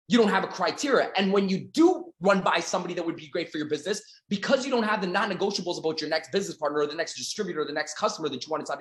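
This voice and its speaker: A man's voice: on the high side, roomy sound. A man from Canada giving a motivational sales talk, acting out little dialogues and swearing casually. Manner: animated storytelling, acts out dialogues, swears casually. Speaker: sales coach. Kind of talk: motivational talk to an online audience.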